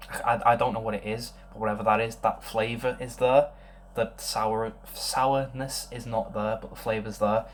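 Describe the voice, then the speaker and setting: A young man rambles through a casual beer tasting review, thinking out loud with lots of pauses. The recording is fairly quiet and carries a faint hiss or hum.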